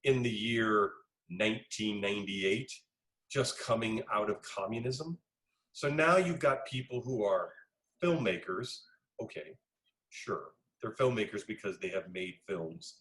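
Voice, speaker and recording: A middle-aged man, a film director being interviewed, telling lively anecdotes and acting out the dialogue he quotes. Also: lowish voice, measured pace, low-quality recording. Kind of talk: casual interview storytelling.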